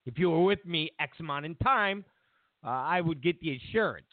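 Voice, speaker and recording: A man's voice: on the high side, lively intonation, moderate pace, no echo. A man hosting a talk show, telling a personal story in a casual monologue with frequent restarts. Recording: tinny phone-like audio, dry.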